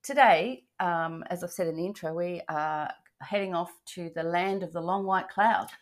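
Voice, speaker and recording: A woman's voice: lowish voice, moderate pace. Chatty older woman podcast host. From Australia. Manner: chatty, upbeat, frequent fillers and restarts. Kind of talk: casual travel podcast chat.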